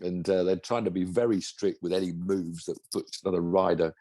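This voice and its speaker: A man's voice: deep voice, fairly even intonation, brisk, mellow, no room sound. A man, a former racing driver, co-hosting a casual motorsport chat, enthusiastic and rambling, full of restarts. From England.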